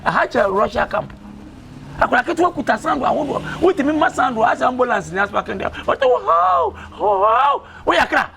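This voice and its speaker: A man's voice: very high voice, big pitch swings, a little fast, gravelly, bright, forceful tone, slight background noise, exaggerated voice. An actor with a Ghanaian accent playing a talkative man who lectures and advises a young woman in a film drama. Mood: insistent.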